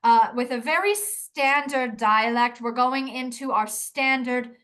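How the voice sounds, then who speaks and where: Woman playing a dialect coach, gentle, lots of mm-hmms, slightly high voice. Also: measured pace. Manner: gentle, affirming, lots of murmured agreement. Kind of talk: improvised comedy coaching.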